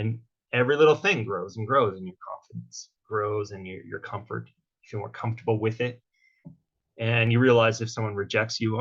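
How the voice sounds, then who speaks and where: A man's voice: on the low side, steady tone, a little fast, a bit bright, husky. A man giving a casual motivational talk as a workshop guest speaker, checking in with tag questions like "right?" and "okay?". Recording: dull lo-fi sound.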